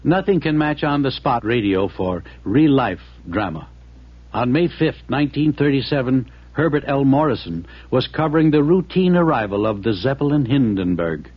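A male host giving scripted, smooth and wry narration. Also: medium pitch, expressive, moderate pace. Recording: dull lo-fi sound.

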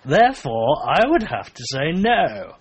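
A prim, posh London lady, put on by a man in a high, careful voice. She speaks slowly and haughtily, savouring every word. The voice is husky and sits up above his own. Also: big pitch swings, dull audio, exaggerated voice. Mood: haughty. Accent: put-on posh English.

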